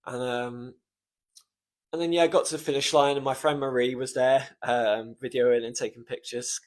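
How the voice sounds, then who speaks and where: A man's voice: mid-range voice, fairly even intonation, normal speed. Young male podcast host, casual solo storytelling, emotional and near tears, rambling with frequent swearing. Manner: emotional, swears often, trails off with ums. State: choked up, close to tears.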